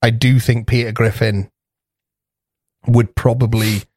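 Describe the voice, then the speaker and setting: A man's voice: medium pitch, little pitch movement, measured pace, a little mellow, no room sound, studio quality. A man, co-hosting a podcast in casual chat, rambling, laughing often and swearing freely. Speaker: podcast co-host.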